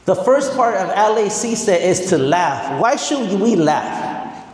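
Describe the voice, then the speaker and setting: A man in his forties giving an energetic motivational speech to students as a guest speaker. He quizzes the audience and drops Spanish words into his talk. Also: high voice, slow pace. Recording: echoey hall with long reverb.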